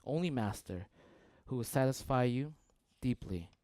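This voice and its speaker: Animated but a little slow, a mid-range male voice preaches a sermon, narrating a story conversationally and repeating "right?" often. He moves from loud bursts to hushed near-whispers, with no echo in the sound.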